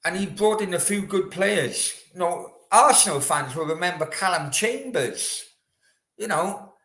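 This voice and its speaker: A man's voice: high voice, expressive, unhurried, sharp tone, roomy sound. A man hosting a casual live chat with viewers, chatty and rambling. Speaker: host. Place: room in Australia.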